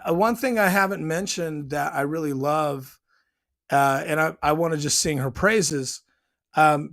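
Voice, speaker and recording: Guy hosting his own review show, rambly, lots of ums and false starts, voice on the high side. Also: fairly bright tone. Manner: rambling, many ums and restarts. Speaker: show host. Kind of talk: casual TV review talk.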